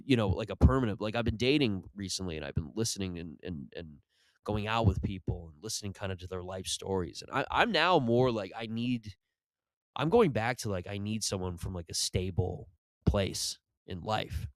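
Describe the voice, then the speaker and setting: Comic host, lowish voice, dry close sound, rambling monologue. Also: male voice, lively intonation, moderate pace, dry recording. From Irish family background. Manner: rambling, self-interrupting, mock-ad voice bursts. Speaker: comedian host. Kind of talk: casual comedic monologue.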